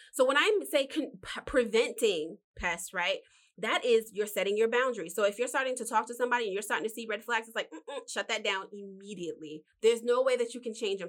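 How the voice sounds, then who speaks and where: Animated woman giving motivational advice. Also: fairly high pitch. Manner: animated, preachy, uses rhetorical questions and calls the listener honey. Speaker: podcast host giving life advice. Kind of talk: casual motivational talk.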